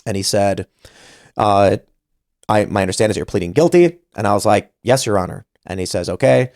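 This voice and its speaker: A man's voice: fairly low pitch, brisk, a little mellow, no room sound, clean studio sound. A man in his thirties hosting a podcast, telling a story casually and animatedly, acting out the voices he quotes. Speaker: podcast host.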